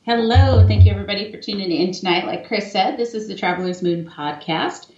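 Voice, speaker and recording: A woman's voice: medium pitch, darkish tone. Joking woman co-host in an echoey room. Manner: teasing and upbeat, quick to joke. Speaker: podcast co-host, medium. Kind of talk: casual podcast chat. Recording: echoey room, muffled mic.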